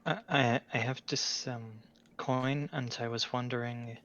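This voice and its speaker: A man voicing a hesitant young German man who speaks English with a German-tinged British accent and halting, filler-heavy speech. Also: mid-range voice, steady tone, a bit bright, highs cut off.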